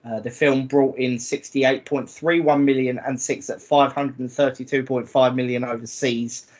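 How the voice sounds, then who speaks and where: A man co-hosting a gaming podcast, chatty and quick to reel off figures. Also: medium pitch, little pitch movement, darkish tone. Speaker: podcast co-host. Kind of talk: casual chat. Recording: dull lo-fi audio.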